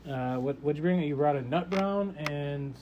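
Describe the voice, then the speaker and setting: A man's voice: on the high side, moderate pace, lo-fi sound, a crowd in the background. A man hosting a casual chat, easygoing, laughing often and steering the talk. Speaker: podcast host. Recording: steady background noise.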